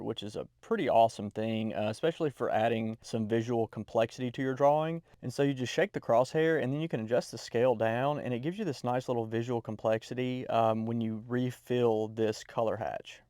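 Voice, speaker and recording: Guy doing a relaxed drawing tutorial voiceover, mid-pitched, dry close mic. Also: dry recording. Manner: relaxed, explains step by step with fillers. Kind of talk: screen-recorded drawing tutorial.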